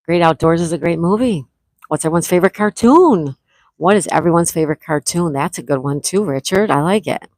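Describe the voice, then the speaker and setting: A woman's voice: fairly low pitch, animated, a little fast, a little mellow, no echo, low-quality recording. A middle-aged woman from Florida hosting a casual livestream, chatting and reading viewers' comments aloud, greeting each by name. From Florida, USA. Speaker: livestream host.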